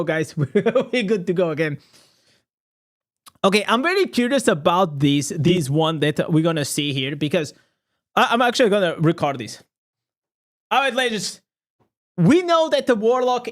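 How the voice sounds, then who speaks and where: A man giving casual, excitable reaction commentary as a gaming content creator, chatty and laughing often. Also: high voice.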